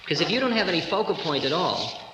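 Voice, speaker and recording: A man's voice: a little high, sing-song, quick pace. Chuckling man lecturing in an echoey hall. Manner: humorous, storytelling, chuckling. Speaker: spiritual teacher. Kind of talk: live lecture to an audience. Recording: echoey 1970s hall recording with hiss.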